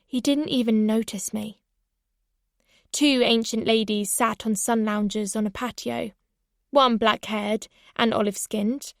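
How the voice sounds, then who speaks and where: A woman reading a first-person novel as an audiobook, in an even, reflective storytelling manner. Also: a little high, no echo, clean studio sound. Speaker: audiobook narrator.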